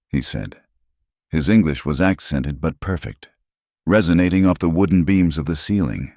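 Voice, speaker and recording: A man narrates a frontier tale with dramatic, measured pacing. His voice sits very low, recorded dry and close with no room sound. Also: darkish tone, no echo. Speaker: storyteller. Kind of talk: scripted audiobook narration.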